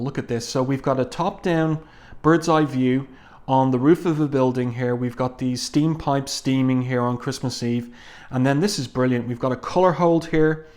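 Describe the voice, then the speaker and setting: A man's voice: mid-range voice, a little mellow. A man giving a casual, enthusiastic comic book review, talking conversationally with frequent ums.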